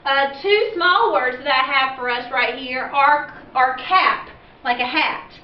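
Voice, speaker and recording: A woman teacher giving a phonics lesson for parents and children, explaining slowly and patiently and asking questions as she goes. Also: high voice. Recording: echoey, dull, distant from the mic.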